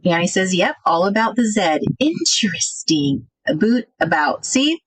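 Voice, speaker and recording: A woman's voice: medium pitch, big pitch swings, unhurried, dry recording, low-quality recording. Chatty woman host, dry sound. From United States. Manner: chatty, thinks out loud, reads viewer comments. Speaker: craft livestream host. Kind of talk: casual livestream chat.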